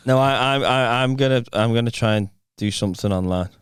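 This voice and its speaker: A man's voice: mid-range voice, fairly quick, smooth, no echo, clean studio sound. A man hosting a casual podcast chat, swearing freely, laughing often and acting out voices. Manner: sweary, laughs a lot, acts out drunk voices.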